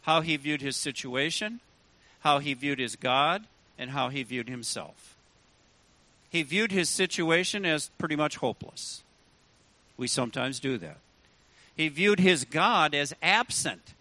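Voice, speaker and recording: A man's voice: a little high, sing-song, a little slow, pushed and bright, dry recording. A man preaching a sermon as pastor, emphatic and full of rhetorical questions to the congregation.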